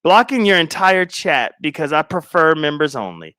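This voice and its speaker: A man's voice: fairly high pitch, very animated, normal speed, sharp tone, clear, resonant tone, no room sound, clean studio sound. A middle-aged man chatting casually on a livestream, telling a story dramatically with slangy asides and frequent laughter. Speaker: livestreaming content creator.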